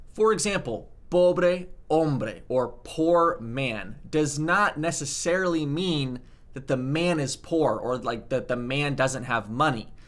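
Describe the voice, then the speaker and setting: A man's voice: medium pitch, fairly bright tone. A man explaining language grammar in a casual video lesson, talking animatedly and checking in with "okay?" and "like". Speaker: language teacher.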